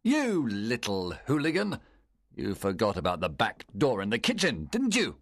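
A man's voice: lowish voice, wildly swooping pitch, normal speed, a bit bright, no echo, clean studio sound, heavily acted. A man reading a story, voicing an angry homeowner who scolds and speaks firmly. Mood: stern. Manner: scolding, firm.

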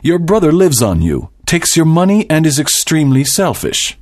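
A man's voice: on the high side, sing-song, moderate pace, darkish tone. A man voicing a stern, proud doctor and father in a dramatized audiobook, speaking formally and with emphasis.

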